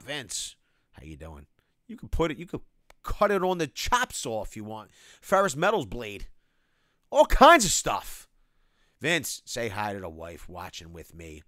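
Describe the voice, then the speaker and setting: Animated man hosting a livestream. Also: fairly low pitch, no echo, clean studio sound. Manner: animated, reads chat names aloud, shout-outs. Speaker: livestream host. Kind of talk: casual livestream Q&A, reading chat.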